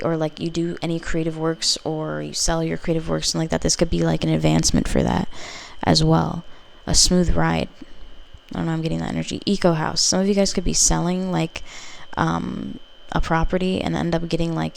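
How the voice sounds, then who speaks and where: Woman, tarot reader, low flat voice, rambling, casual card reading. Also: vocal fry, a little hiss or hum. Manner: rambling and intuitive, heavy with filler words.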